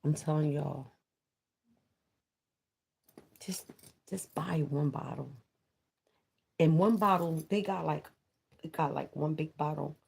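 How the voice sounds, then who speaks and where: A woman with a fairly low voice chats to her viewers on a live stream. She talks loosely and casually, circling back over her points, and she swears freely as she goes. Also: slow, gravelly, pauses often, breathy edge. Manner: chatty, repeats herself, swears freely. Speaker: vlogger on a livestream.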